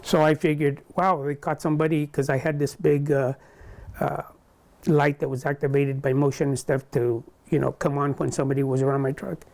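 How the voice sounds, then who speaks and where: An older man being interviewed, recounting a personal story in a halting way, full of restarts. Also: on the high side, flat delivery, gravelly, a little mellow. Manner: halting, with many restarts and quoted dialogue.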